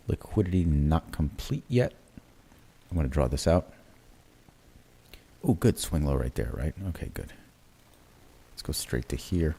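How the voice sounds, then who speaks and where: Man, very low gravelly voice, husky and dark, talks charts live, fillers and right-tags. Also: a little slow, pauses often. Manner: thinks aloud, many fillers and "right?" tags; relaxed, self-correcting commentary while drawing on charts. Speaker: crypto trading livestream host.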